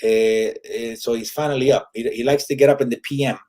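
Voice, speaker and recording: A man's voice: mid-range voice, steady tone, brisk, warm tone. Chatty Puerto Rican man. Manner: switches freely between English and Spanish, many fillers. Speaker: guest comedian. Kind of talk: casual interview chat.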